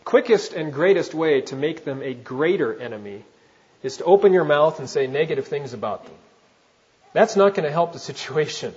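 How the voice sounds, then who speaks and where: A pastor delivers a sermon in a slightly high male voice, keeping it conversational and asking his congregation questions. He is animated and a little mellow, speaking at a moderate pace, and the audio is dull and lo-fi.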